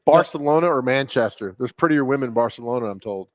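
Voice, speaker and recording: A man's voice: medium pitch, animated, quick pace, dry recording. A male co-host on sports radio who jokes around and reads listener texts in casual banter. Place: radio studio.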